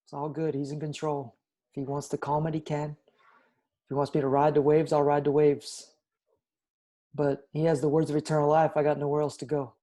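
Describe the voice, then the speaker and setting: A man in his forties, a father being interviewed, speaking earnestly and reflectively, often trailing off quietly. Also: fairly high pitch, flat delivery, normal speed. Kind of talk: candid interview storytelling.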